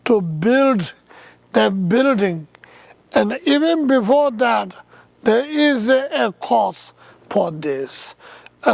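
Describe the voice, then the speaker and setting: A man giving a slow, halting dharma talk as a Buddhist teacher, with thoughtful pauses and non-native English phrasing. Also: very high-pitched, creaky, a little mellow, dry recording.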